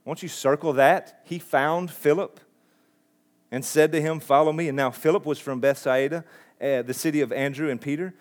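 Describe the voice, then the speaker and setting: A man's voice: fairly high pitch, fairly even intonation, normal speed. A man preaching a sermon in an earnest, conversational way, often restarting his phrases. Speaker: pastor.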